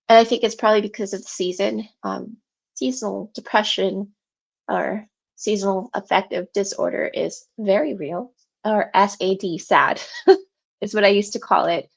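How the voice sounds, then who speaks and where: A woman's voice: mid-range voice, fairly even intonation, a little slow, vocal fry. A congested, out-of-breath woman with a sore throat, hosting a writing livestream at home, chatting with viewers in a rambling way and laughing often. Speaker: livestream host for a writing session. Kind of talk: casual livestream chat with viewers.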